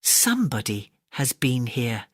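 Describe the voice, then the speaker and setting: A woman's voice: rumbling low, sing-song, a little slow, no echo, studio quality, pitched below the performer's own voice, heavily acted. A woman doing a growling big father bear. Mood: gruff growl.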